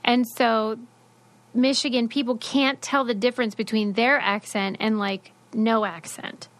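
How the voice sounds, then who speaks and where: A woman's voice: on the high side, steady tone, measured pace, a bit bright, no room sound. A woman co-hosting a podcast, chatting casually and explaining what she read, with side remarks. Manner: chatty, explains a study with asides. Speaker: podcast co-host. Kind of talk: casual chat.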